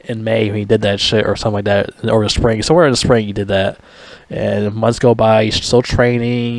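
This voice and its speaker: A man's voice: on the low side, a little mellow, no room sound. A man recapping a film's plot in a loose, rambling way, swearing often and mocking the hero with many fillers. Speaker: movie reviewer.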